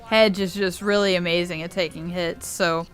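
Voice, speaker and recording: A woman's voice: lowish voice, steady tone, normal speed, a bit bright, soft background music. A young woman giving casual, rambling video game commentary, laughing often and swearing freely. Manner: giggly, rambling, swears a lot. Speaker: gaming YouTuber.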